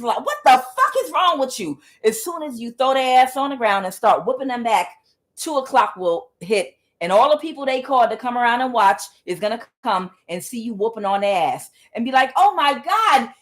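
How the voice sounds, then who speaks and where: A woman tarot reader in a casual monologue who tells her story bluntly, swears freely and repeats words for emphasis. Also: medium pitch.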